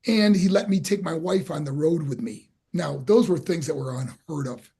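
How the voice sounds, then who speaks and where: This interview guest is a former pro wrestler in his sixties who animatedly recounts career stories, acting out people's quotes. His crackly voice is a little high, creaky and slightly rough, moving at a moderate pace.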